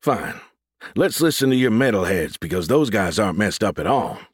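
A man voicing a bossy, sharp-tongued woman who talks in a curt, bickering way. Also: lowish voice, sing-song, moderate pace, breathy edge, no echo, clean studio sound. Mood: sniping.

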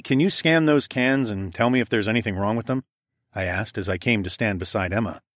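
A man with a lowish voice narrates a story in the first person. He reads steadily and evenly, like a practiced audiobook reader. The sound is dry and close to the mic. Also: no room sound.

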